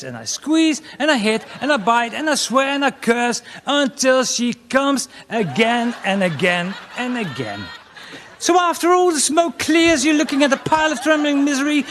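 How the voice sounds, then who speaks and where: A man's voice: high voice, fairly bright tone. A man giving a crude, brash comic talk to an audience, often jumping into mock voices. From Netherlands. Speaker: conference speaker.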